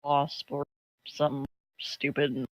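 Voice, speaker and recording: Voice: medium pitch, completely flat delivery, unhurried, dry recording, dull audio. A player in a tabletop game talking casually, hesitant and swearing freely.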